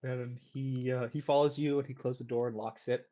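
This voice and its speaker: A man's voice: mid-range voice, level tone, normal speed, warm tone. A man narrating as game master in a tabletop game, casual and full of fillers. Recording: dull lo-fi audio.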